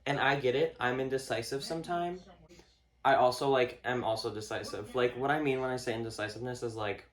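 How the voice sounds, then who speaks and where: A man vlogging a casual rant to camera, swearing often, packing his talk with fillers and mocking other people in a higher voice. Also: fairly quick. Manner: profane, filler-heavy, mocks others in a higher voice.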